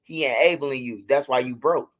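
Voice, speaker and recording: A man's voice: mid-range voice, moderate pace, a bit bright. A man with a Chicago accent hosting casual livestream commentary, mocking and trash-talking his critics with lots of repetition. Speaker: commentary host of a street news channel.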